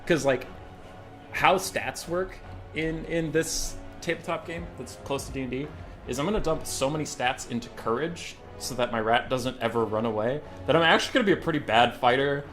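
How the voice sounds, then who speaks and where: A man casting a game tournament on a live stream, chatty and excitable, swearing casually and chuckling often. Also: mid-range voice, normal speed, faint music behind.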